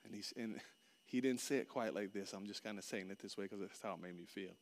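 A pastor from Florida shares a personal story in his sermon, his fairly low voice moving fast. He swings lively between loud outbursts and hushed, earnest passages.

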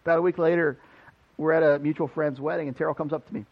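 A high-voiced man preaching in a church, a pastor who tells his sermon as a loose, animated story. He talks casually and leans on "like" as he goes. The sound is somewhat dull and lo-fi. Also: fast talker. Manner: conversational, animated, many "like" fillers. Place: church building.

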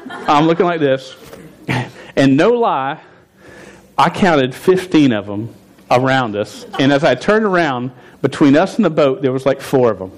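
A man in his forties telling a story in a sermon, animated, stumbling and restarting his words as he goes. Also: medium pitch, a little slow. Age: 40s. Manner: stuttering with frequent restarts. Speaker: pastor.

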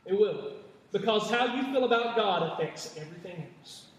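A man's voice: high voice, lively intonation, normal speed, a little hiss or hum. A man preaching a sermon to his congregation, with emphatic repetition and frequent stammering restarts. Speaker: pastor. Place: church sanctuary. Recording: echoey church hall, mic far off.

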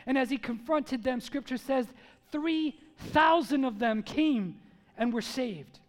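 A pastor preaching a sermon, swinging from loud, emphatic calls to hushed storytelling. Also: male voice, very high voice, slow, big-room sound.

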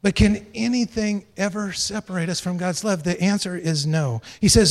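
A man's voice: sits high, normal speed, few pauses. A man preaching a sermon as pastor, emphatic, stressing points through repeated phrases and joking lightly with the congregation.

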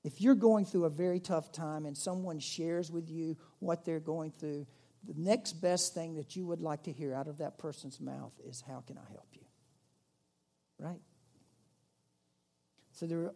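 A male pastor preaching a conversational sermon to his church, growing animated when he stresses a point. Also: on the high side, moderate pace, creaky. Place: church in Myrtle Beach.

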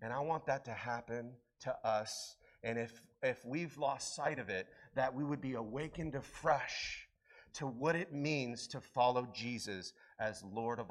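A man's voice: medium pitch, fairly bright tone. A man preaching a sermon as pastor, conversational and earnest, rising to emphatic peaks.

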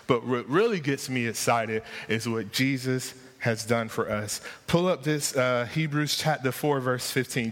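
A man's voice: mid-range voice, fairly bright tone. A man preaching a sermon to his congregation, rousing them with repeated rhetorical questions. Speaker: pastor. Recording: long hall reverb.

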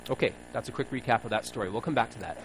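A man's voice: medium pitch, very fast, a little hiss or hum, poor audio. A man preaching a sermon in a casual, playful storytelling way, retelling scripture stories and asking questions.

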